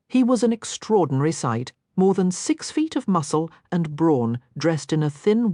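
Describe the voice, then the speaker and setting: Lively woman reading a romance novel. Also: low voice, dry recording, studio quality. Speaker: audiobook narrator. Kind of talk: scripted romance narration.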